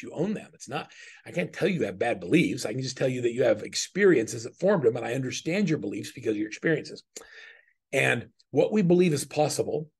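A man's voice: mid-range voice, darkish tone, slightly rough. A middle-aged man speaking as a business coach in a webinar, teaching earnestly and conversationally through personal stories, often restarting his sentences.

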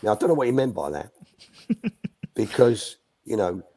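Unhurried yet very animated, an older man who once coached youth teams shares anecdotes as a live Q&A guest. His low voice is mellow with a breathy edge, and he chats along, restarting sentences and acting out quotes.

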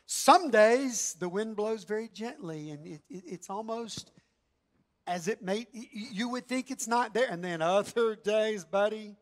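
A man preaching a sermon in an animated, emphatic, conversational way. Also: high-pitched, a little slow.

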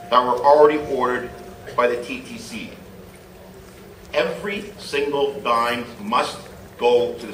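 A man's voice: mid-range voice, fairly bright tone, recorded from a distance, slight background noise. A man, a mayor, giving a formal council speech and stressing key words by repeating them. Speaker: mayor moving a motion at city council. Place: large council chamber. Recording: echoey chamber audio from afar.

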